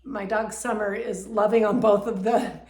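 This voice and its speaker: A woman's voice: medium pitch, steady tone, moderate pace, a little mellow. A woman who works as a Reiki healer, earnestly telling a heartfelt personal story. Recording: roomy echo.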